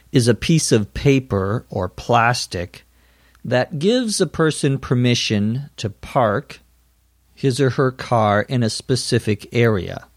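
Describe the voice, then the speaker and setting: A man's voice: medium pitch, no echo, studio quality. A man teaching English vocabulary, explaining words carefully in a scripted lesson.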